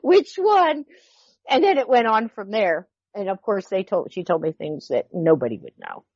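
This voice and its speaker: Middle-aged lady telling a story, acts out the quotes, lowish voice, dull lo-fi sound. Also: normal speed, husky, no room sound. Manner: animated, acts out quoted dialogue. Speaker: podcast guest. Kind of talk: personal storytelling. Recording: dull lo-fi recording.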